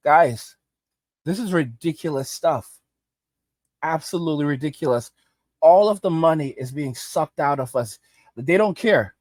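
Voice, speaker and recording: A man's voice: fairly high pitch, lively intonation, a little slow, pauses often, darkish tone, dry recording. Angry ranting male commentator. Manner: angry, repetitive, emphatic. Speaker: host.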